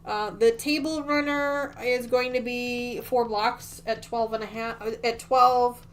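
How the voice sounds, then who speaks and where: A woman with a fairly high voice hosts a casual quilting livestream. She chats and gushes as she shows her work and answers viewer comments. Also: steady tone, a little slow, fairly bright tone. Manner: gushing and chatty, reads viewer comments aloud. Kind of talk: casual livestream chat while sewing.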